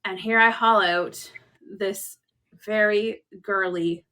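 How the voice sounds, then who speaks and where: A woman's voice: mid-range voice, fairly even intonation, takes it slowly, background noise. A woman with a Canadian accent co-hosting a podcast, telling a story in casual chat and acting out quotes with laughter. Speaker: podcast co-host.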